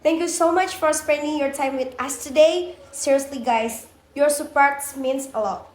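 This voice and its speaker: High-voiced young woman in an echoey room. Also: normal speed, a little mellow. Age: young adult. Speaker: podcast co-host. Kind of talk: scripted casual podcast chat. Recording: echoey room, far-off mic, faint noise.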